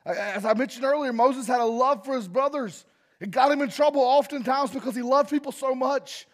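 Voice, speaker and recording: A male pastor addresses his congregation directly in an impassioned sermon, his volume surging and dropping sharply. His voice is extremely high and a little fast.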